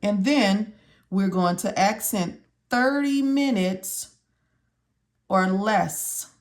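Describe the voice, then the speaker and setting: A woman teaching medical coding, walking viewers step by step through a study lesson and repeating her instructions and questions as if they could answer. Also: mid-range voice. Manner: slow, repetitive, talks to viewers as if they can answer.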